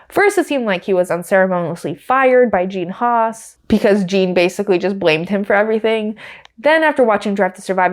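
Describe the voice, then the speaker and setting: A woman hosting a podcast, giving casual, wry commentary with lots of fillers. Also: mid-range voice. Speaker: podcast host.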